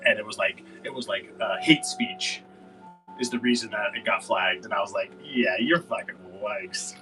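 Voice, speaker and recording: A man's voice: fairly low pitch, steady tone, moderate pace, distant mic, loud music behind the voice, poor audio. A man hosting a casual livestream, rambling and cursing with lots of fillers. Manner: rambling, profane, filler-heavy. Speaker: livestream seller host.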